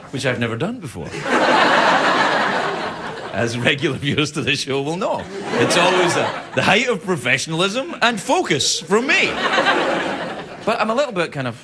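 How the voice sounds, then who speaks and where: A male late-night host jokes in a mock-flustered, self-mocking way. His voice sits fairly high and swings a lot. Heavy noise runs under the recording. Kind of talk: comic cold open. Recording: loud background noise.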